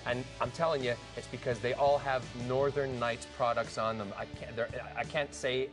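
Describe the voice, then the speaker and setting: A man's voice: medium pitch, little pitch movement, moderate pace, music in the background. An enthusiastic man chatting on a shopping show. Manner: enthusiastic, playful. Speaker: celebrity guest on home shopping. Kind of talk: casual chat.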